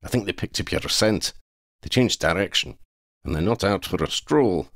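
A man voicing a sardonic, grumbling male talking cat in an audiobook, raising his pitch a little. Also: animated, moderate pace, a bit bright, no echo, full character voice. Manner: dry, grumbling retorts.

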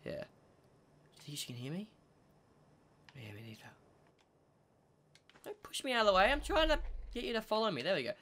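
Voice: medium pitch, normal speed, pauses often. A gaming channel host, chatting through gameplay commentary and talking to the animals in the game. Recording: steady background noise.

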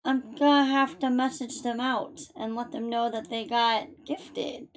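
Woman game streamer, gravelly, fairly high voice, chatty and gushing. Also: steady tone, unhurried. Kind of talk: live gaming stream commentary.

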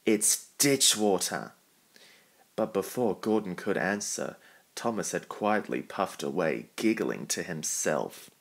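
A man reads a children's storybook aloud in a calm, even voice. His tone is deep and his pace unhurried, letting each sentence settle. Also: creaky. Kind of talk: storybook narration.

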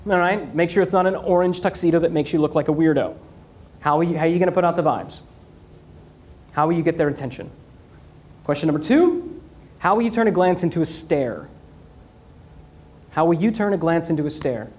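Man, keynote speaker, higher voice, energetic, rhetorical, repeats for emphasis. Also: fairly quick, long pauses. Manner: animated storytelling with rhetorical questions and repetition. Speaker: conference speaker.

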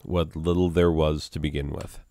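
A man hosting his own channel in a rambling comedic monologue, deadpan, self-mocking and wandering off topic. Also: very deep voice, normal speed, dry recording, clean studio sound. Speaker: channel host.

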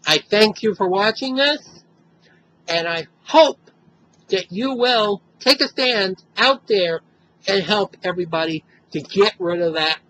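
A man records a direct-to-camera advocacy monologue, upset and openly angry. His voice is bright and forceful. He talks slowly and repeats himself for emphasis. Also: high voice, expressive, a little hiss or hum, rough recording. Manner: impassioned, emphatic and repetitive. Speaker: video blogger.

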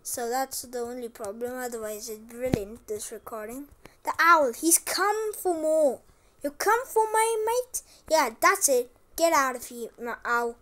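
A woman chatting casually while playing a farming game. She repeats herself often and makes an effort to speak loudly. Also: on the high side, unhurried, slight background noise. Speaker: gameplay commentator. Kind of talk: casual gameplay commentary.

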